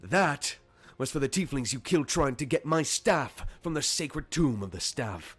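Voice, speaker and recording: A man voicing a grim, vengeful elven wizard who speaks in a harsh, forceful, low voice, over faint music. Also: lively intonation, a little slow. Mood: furious.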